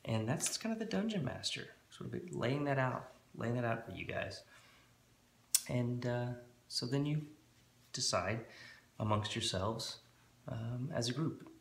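A man and host, explaining a tabletop game in a relaxed, rambling way with many fillers. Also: mid-range voice, unhurried, gravelly, reverberant, a little hiss or hum. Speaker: dungeon master and channel host. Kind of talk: casual tutorial explanation. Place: room at home with a board.

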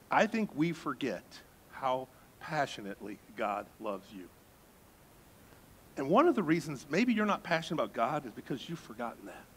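A male pastor preaching a sermon in an animated way, with joking asides and bursts of emphasis. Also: medium pitch, a little hiss or hum.

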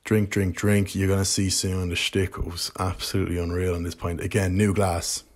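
A man's voice: low-pitched, level tone, moderate pace. A young Irish man chatting casually to camera in a pub, rambling, joking and swearing. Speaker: pub-reviewing vlogger. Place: indoor pub. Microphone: camera mic.

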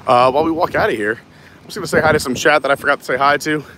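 A man's voice: fairly high pitch, very fast, sharp tone, a little hiss or hum, low-quality recording. A man hosting a live stream while walking outdoors, chatting casually, reading viewer comments and laughing often. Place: outdoors in a theme park, walking.

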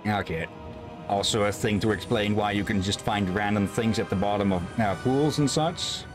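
A man's voice: fairly low pitch, normal speed, over music. A man streaming and casually commenting on a game, hesitant and restarting his sentences. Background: game audio.

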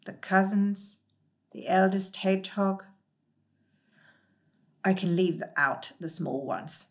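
A woman's voice: medium pitch, takes it slowly, lightly acted. A woman voicing a sullen, fretful male troll-like creature who mumbles and grumbles in exasperation. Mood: muttering.

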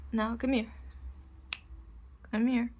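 A woman's voice: a little high, little pitch movement, drawn-out words, lo-fi sound, a little hiss or hum. A woman playing a cruel young bully in a whispered role-play, taunting and bossing the listener with mocking laughs. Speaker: audio role-play performer.

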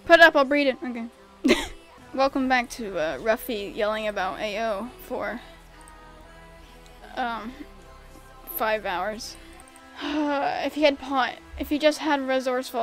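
A young woman gives casual gameplay commentary to her chat in a slightly high voice, speaking a little slowly and pausing often, with faint music behind her. Expressive and loud, she goes from mumbling to shrieking in frustration, and she reads viewers' questions aloud to answer them.

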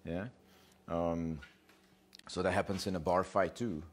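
Very deep-voiced man, animated lecturer. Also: slight background noise. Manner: animated, acts out dogs' thoughts in quick voices, swears casually; frequent "yeah?" and "you know" check-ins. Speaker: dog trainer.

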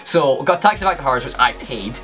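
A man's voice: mid-range voice, lively intonation, a little fast, fairly bright tone, soft background music. A young Scottish man telling a casual, rambling story to camera as a YouTuber, with lots of fillers and restarts.

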